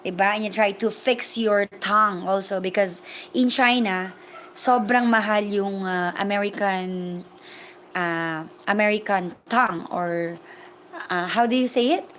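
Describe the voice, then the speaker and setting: A woman's voice: mid-range voice, unhurried, fairly bright tone, a little hiss or hum. A woman from the Philippines with a Filipino accent, hosting a livestream chat, switching between English and Tagalog as she talks and reads viewer comments. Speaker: livestream host and language teacher.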